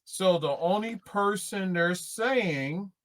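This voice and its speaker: A man's voice: high-pitched, lively intonation, slow, a bit bright. A man co-hosting a casual podcast chat, playful and teasing. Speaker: podcast co-host.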